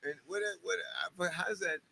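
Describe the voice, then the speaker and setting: A man, a comedian guest, telling stand-up stories with sudden shouted punchlines and quick drops to a mutter. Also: high-pitched, creaky, a crowd in the background. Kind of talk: animated storytelling.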